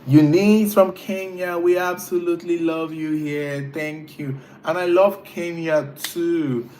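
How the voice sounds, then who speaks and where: A man's voice: fairly high pitch, fairly even intonation, slow pace, a little mellow, slight background noise, rough recording. A man hosting a casual live stream, chatting with viewers, teasing them and laughing often. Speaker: livestream host reading chat.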